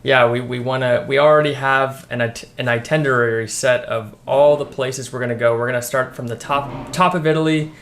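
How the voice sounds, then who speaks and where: A young man from the United States, a friend of the host, chatting casually and pausing often with ums and restarts. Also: mid-range voice, fairly even intonation, a bit bright, slight background noise. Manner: hesitant, many ums and restarts. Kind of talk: casual chat.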